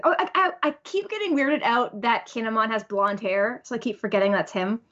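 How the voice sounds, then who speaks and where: A woman's voice: on the high side, fairly quick, a bit bright, highs cut off. A woman cohosting a podcast, chatting casually through a manga recap, laughing often and putting on raised voices for the characters' lines.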